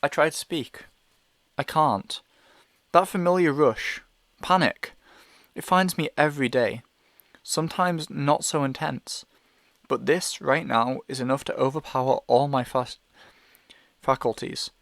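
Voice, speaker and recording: A man's voice: mid-range voice, a little slow, vocal fry, fairly bright tone, no echo. Man narrating an anxious first-person story. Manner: anxious, hesitant inner monologue. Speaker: audiobook reader.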